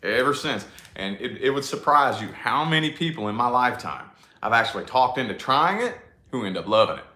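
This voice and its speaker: Casting: chatty man, thirties, bright lively voice, rambling and cussing, echoey room. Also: medium pitch. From New Albany, Indiana, USA. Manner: rambling and profane, drawn-out words. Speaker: vlogger chatting to a live audience. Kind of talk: casual live chat.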